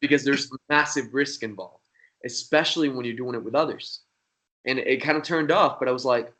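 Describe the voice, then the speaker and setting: A young man tells a story in a casual, rambling way. His voice is bright and forward, and he swears freely as he goes. He talks at a middle pitch. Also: brisk. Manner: profane, rambling, animated. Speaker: magician guest.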